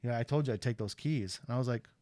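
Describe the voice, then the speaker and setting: A man's voice: mid-range voice, fast talker, dry recording. Guy in his thirties telling old stories on a stream, does the voices, real dry mic. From USA. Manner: animated storyteller who acts out quotes. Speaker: stream host. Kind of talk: casual storytelling.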